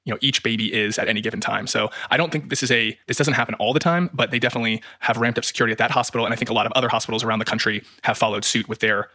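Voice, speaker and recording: A man hosting a true-crime podcast, narrating in a brisk, scripted way. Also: medium pitch, fairly even intonation, pushed and bright, dry recording, clean studio sound.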